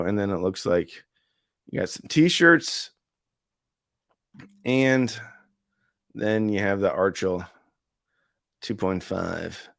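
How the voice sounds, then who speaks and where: A man's voice: fairly low pitch, creaky, no room sound, studio quality. A middle-aged man hosting a casual live stream, chatting in a rambling way and reading viewer comments aloud. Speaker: livestream host reviewing audio deals.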